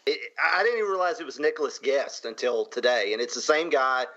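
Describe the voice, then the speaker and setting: A man's voice: medium pitch, a little fast, a bit bright. Chatty, laughing podcast man. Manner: chatty, laughs between points. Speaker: podcast co-host. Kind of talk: casual panel chat. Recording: slightly muffled sound.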